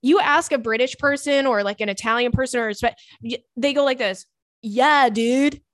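A young woman hosts a podcast, chatting casually and reading listener messages with profane, animated asides and quick put-on voices. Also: fairly high pitch, no echo, studio quality. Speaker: podcast host.

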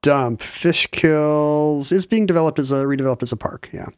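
A man's voice: on the high side, normal speed, clean tone, no room sound, studio quality. A man co-hosting a podcast, explaining a story in a chatty, wry way with frequent restarts. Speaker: podcast co-host. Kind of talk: casual chat, explaining a story.

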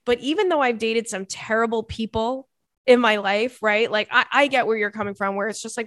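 A woman's voice: on the high side, a little fast, fairly bright tone, dry recording, studio quality. A woman in her thirties hosting a podcast, reading listener emails in a casual chat full of laughing tangents and swearing.

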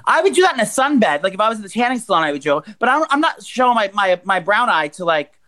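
A man's voice: sits high, sing-song, fast, sharp tone. Crude, profane man in his forties. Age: 40s. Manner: crude, profane, rambling storyteller. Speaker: podcast co-host. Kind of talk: casual chat, telling crude news stories.

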